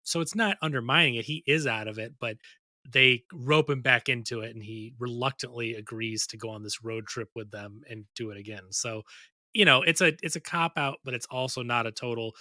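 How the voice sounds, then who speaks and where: A man in a casual film-review chat, making his case in a quick, argumentative way. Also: mid-range voice, sharp tone, no echo.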